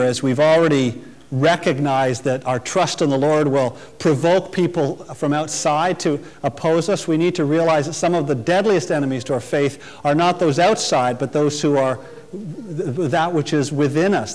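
Male preacher, slightly high voice, earnest expository delivery, hall reverb. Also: darkish tone. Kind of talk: sermon.

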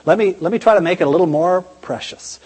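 A man's voice: high-pitched, fast talker, darkish tone, breathy edge, in a large hall. A man preaching a sermon in a conversational, emphatic way, often posing rhetorical questions.

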